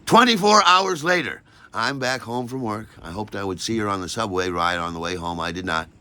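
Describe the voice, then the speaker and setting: An older man telling a personal story in an animated way, acting out every voice and lingering on words. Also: lowish voice, fairly quick, no echo.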